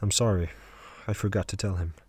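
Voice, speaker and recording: A man's voice: deep voice, fairly even intonation, fairly quick, darkish tone, husky, dry recording. A man voicing a sheepish, sarcastic young man in his twenties. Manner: meek, then wry.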